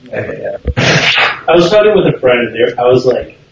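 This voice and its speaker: A man's voice: mid-range voice, very animated, normal speed, creaky, a little mellow, slight background noise. An easygoing man speaking matter-of-factly in casual chat, recorded far off in an echoey room. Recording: distant echoey lo-fi room sound.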